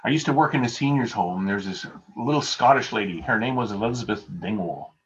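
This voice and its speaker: A man's voice: on the low side, lively intonation, brisk, a bit bright. A male pastor giving a conversational sermon over a video call, telling everyday stories with a self-deprecating touch. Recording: dull lo-fi video call audio.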